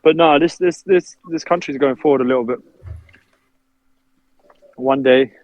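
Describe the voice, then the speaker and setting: A man's voice: medium pitch, a little slow, darkish tone, dry recording. Chatty man on a dull lo-fi call. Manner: chatty, laughing, acts out family quotes. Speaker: podcast guest, basketball player. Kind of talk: casual interview chat.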